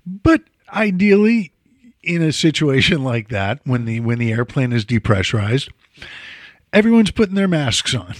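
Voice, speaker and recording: Male host, wry and conversational, lively pitch, dry. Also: normal speed, no echo. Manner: wry, conversational, reads figures then riffs. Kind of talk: casual talk-show chat.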